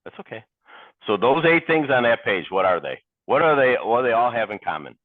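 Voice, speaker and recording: An earnest man speaks at a recovery meeting with a steady, mid-range voice and a deliberate delivery. He puts questions directly to the listeners. The sound comes through thin and phone-like, and completely dry. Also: medium pitch, no room sound. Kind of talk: personal recovery share.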